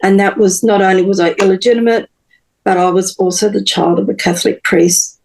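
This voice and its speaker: A woman, a podcast guest telling her personal story in an earnest, halting way with many pauses and restarts. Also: medium pitch, fairly even intonation, creaky, darkish tone, rough recording.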